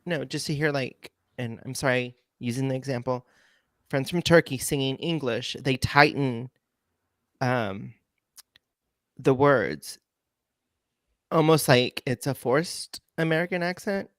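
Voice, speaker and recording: A man co-hosting a casual chat podcast who speaks in a measured, thoughtful, slightly apologetic way. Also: medium pitch, fairly bright tone, no echo, clean studio sound. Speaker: podcast co-host.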